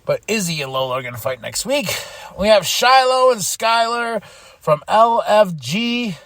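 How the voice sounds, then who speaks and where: A man hosting a podcast, giving a casual, animated wrestling recap, chatty with lots of fillers and restarts, acting out quotes in exaggerated voices. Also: high voice, a little slow, no echo. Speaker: podcast host.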